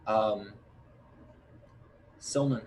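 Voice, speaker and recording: A man narrates a tabletop game as game master. He talks slowly with many fillers. His voice sits a little low. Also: a little mellow, a little hiss or hum, low-quality recording. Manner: unhurried, halting with fillers.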